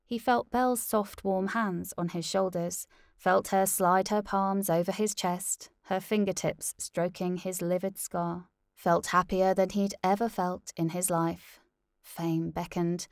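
A woman narrating a novel aloud in a measured, deliberate way. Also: fairly low pitch, steady tone, no room sound, clean studio sound.

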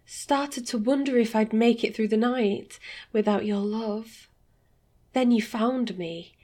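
A woman voicing a lonely virtual lover, soft and partly whispered in a story reading. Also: on the high side, slow pace. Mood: pleading.

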